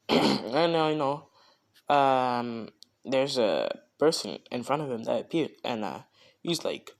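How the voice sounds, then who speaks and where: Young man, casual fan-story narration, rambling, slow, mid-pitched. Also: animated, vocal fry. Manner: rambling, heavy on "you know" fillers.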